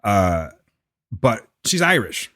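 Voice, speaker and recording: A man's voice: fairly low pitch, very animated, takes it slowly, fairly bright tone. A man co-hosting a podcast in casual chat, teasing and joking and swearing freely. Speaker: podcast co-host. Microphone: remote call recording.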